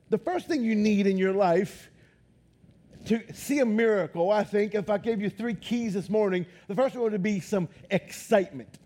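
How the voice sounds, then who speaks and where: A man preaching a lively sermon as pastor in a church, talking loud, excited and animated. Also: high voice. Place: church auditorium.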